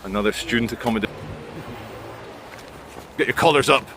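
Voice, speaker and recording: A man's voice: mid-range voice, a little fast. An English man walking through city streets, filming himself for viewers with mocking, chatty commentary. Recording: faint street noise outdoors.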